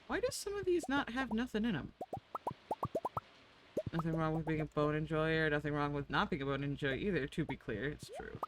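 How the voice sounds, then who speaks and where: A woman's voice: deep voice, big pitch swings, a little fast, noisy background. A woman streamer chatting casually while playing a farming game, swearing freely and cooing at her in-game animals. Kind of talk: casual gameplay chat.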